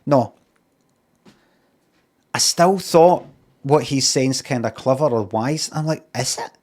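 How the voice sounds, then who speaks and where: A man's voice: mid-range voice, slow, darkish tone. Rambling sweary Scottish man. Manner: rambling, sweary, lots of ums and uhs. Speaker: streamer. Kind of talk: casual rambling monologue.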